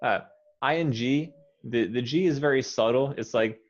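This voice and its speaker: A man with an American accent, teaching pronunciation and patiently modelling words slowly, one at a time. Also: medium pitch. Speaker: English teacher. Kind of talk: pronunciation coaching. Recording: dull lo-fi audio.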